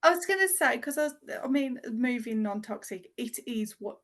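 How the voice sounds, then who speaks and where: A woman joins a podcast as a guest, speaking in a somewhat high voice. She chimes in agreeably with quick remarks and laughs often. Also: lively intonation, a bit bright. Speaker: podcast guest, small egg seller. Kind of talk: casual chat.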